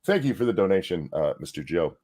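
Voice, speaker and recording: This low-pitched, fast-talking middle-aged man is co-hosting a live stream show. Between donation readings he cracks jokes, swearing and rambling with lots of energy and frequent restarts.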